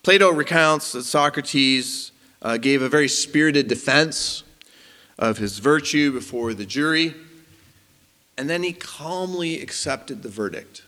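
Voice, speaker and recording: A man preaching a sermon as pastor, animated and rising to emphasis. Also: a little high, a little slow. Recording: long hall reverb.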